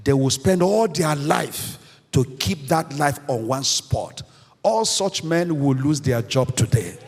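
A man's voice: fairly high pitch, expressive, slow pace, husky. Emphatic preacher man in an echoey hall. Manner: emphatic preaching with repetition and call-and-response questions. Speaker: pastor. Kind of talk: sermon. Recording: echoey hall, long reverb.

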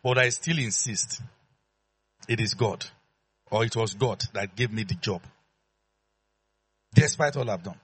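A man preaching a sermon in an animated, playful way, calling out to the congregation. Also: lowish voice, a little slow, long pauses, breathy edge. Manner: animated and playful, acts out dialogue, calls out to the congregation.

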